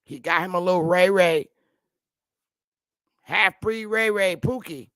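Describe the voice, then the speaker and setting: Brash woman with a bright, dry voice. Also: fairly low pitch, a little slow, clear, resonant tone, no echo. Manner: brash, loud and blunt. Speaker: livestream host. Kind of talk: ranting live-stream commentary.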